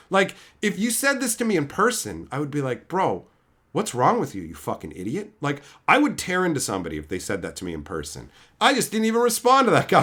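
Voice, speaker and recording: A man's voice: a little high, sing-song, fairly quick, fairly bright tone. A young man streaming live, ranting to his chat in a profane, scornful way, often mocking others in put-on voices.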